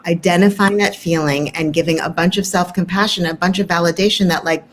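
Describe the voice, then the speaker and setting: Woman, 30s, lower voice, earnest therapist guest in a casual chat. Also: steady tone, brisk, hardly any pauses, slight background noise, low-quality recording.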